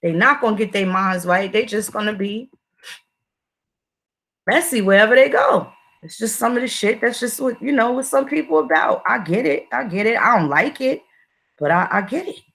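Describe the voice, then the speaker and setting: A woman's voice: medium pitch, lively intonation, normal speed, a bit bright. A woman giving a profane, repetitive livestream commentary, speaking in a confrontational way.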